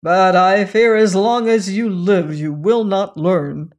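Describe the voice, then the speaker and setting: Storyteller doing a stern fairy-tale master, slow and loud, threatening — storybook reading. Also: mid-range voice, lightly acted. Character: stern, harsh male master, grown man.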